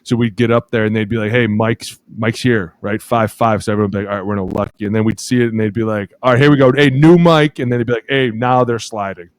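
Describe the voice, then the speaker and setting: A man co-hosting a casual podcast, a former lineman telling animated stories and acting out teammates' shouted calls, swearing freely. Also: fast, hardly any pauses, no echo. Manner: animated storyteller acting out teammates' calls in loud high voices.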